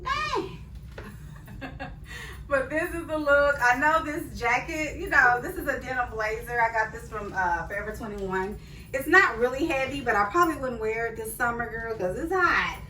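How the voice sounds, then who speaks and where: A woman's voice: a little high, normal speed, sharp tone, distant mic, slight background noise. A woman, chatting casually with viewers in a try-on haul and calling them girl and sis. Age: 40s. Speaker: fashion vlogger. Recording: echoey room, voice off-mic.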